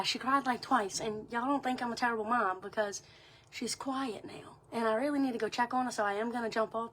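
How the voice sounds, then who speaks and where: A young Southern woman chats to her live viewers in a high, bright voice. She keeps it loose and friendly, peppering everything with y'all. The tone is crisp and lively. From Louisiana. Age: young adult. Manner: chatty, greets viewers by place, says y'all often. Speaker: livestream host. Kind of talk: casual chat to live viewers.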